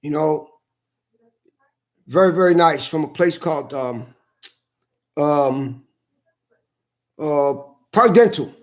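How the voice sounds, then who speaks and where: A man's voice: on the high side, slow pace, long pauses. A man venting in a heated, profane, repetitive rant to his camera. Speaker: vlogger. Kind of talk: angry ranting monologue.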